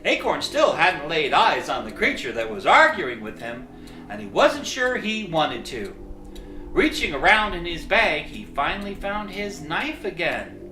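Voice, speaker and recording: A storyteller reads a children's chapter book at an unhurried pace with animated pitch. The tone is bright and clear. The recording has a roomy echo and soft music behind. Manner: expressive, lively storytelling. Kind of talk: storybook narration.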